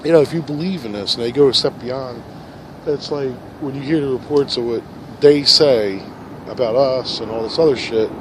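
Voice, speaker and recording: A man rambling through a profane monologue, dropping to low mutters and then rising into loud rants, recorded in a park. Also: normal speed. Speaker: vlogger. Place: park outdoors. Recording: outdoor recording with traffic noise. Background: passing cars and outdoor ambience.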